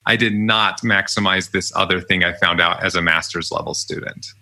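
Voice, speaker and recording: This podcast guest sits low in pitch, with a gravelly, pushed, bright sound and a steady tone at normal speed. He's a young man chatting casually about jobs he held in college, frequently breaking into laughter during the storytelling interview.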